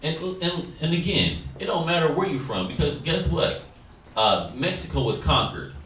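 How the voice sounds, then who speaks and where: A man preaching a Bible study with a lively, swinging pitch, exhorting his listeners and acting out voices in quoted exchanges. He sounds a little raised in pitch and is recorded from a distance in an echoey room with a faint hiss underneath. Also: moderate pace. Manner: animated, exhorting, acts out quoted dialogue. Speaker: Bible class teacher.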